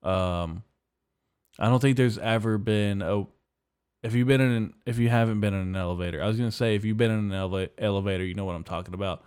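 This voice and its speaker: On a comedy podcast, a young male host rants fast, swearing nonstop and sounding mock-outraged as he drifts from one complaint to another. His voice is lowish, smooth, resonant, and darkish in tone.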